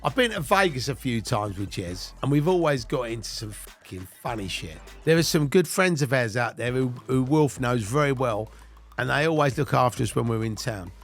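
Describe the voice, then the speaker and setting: An English man in his fifties tells blunt, swear-filled stories about his own past, breaking into laughter as he goes in this casual anecdotal storytelling. His medium-pitched voice is expressive and moves at normal speed over soft background music.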